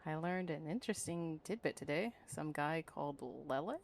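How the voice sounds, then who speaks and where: A woman's voice: sits low, lively intonation, moderate pace, gravelly, a little hiss or hum. A woman streamer reading game dialogue aloud, with wry short replies. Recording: live stream over faint game music.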